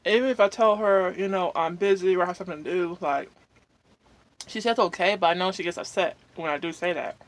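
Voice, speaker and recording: A woman's voice: lowish voice, brisk. A woman vlogger chatting casually while eating, rambling and venting with lots of fillers and pleased hums between bites. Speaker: mukbang vlogger.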